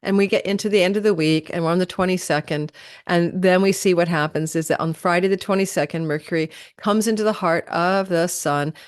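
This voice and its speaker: A woman hosts a live astrology forecast at the quick clip of an auctioneer, chatty and prone to correcting herself mid-sentence. Her voice sits on the low side for a woman. The sound is dry and close, with no room around it. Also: smooth, no room sound. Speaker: astrology channel host.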